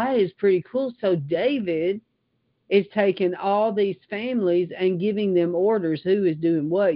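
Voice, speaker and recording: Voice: medium pitch, dry recording, lo-fi sound. An older Bible teacher reading scripture aloud and stopping often for heartfelt asides.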